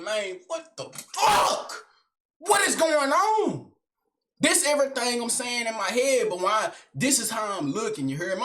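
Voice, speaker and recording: A man telling a family story to the camera in a storytime monologue. He is animated, slangy and profane, and often checks in with the listener. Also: very high-pitched.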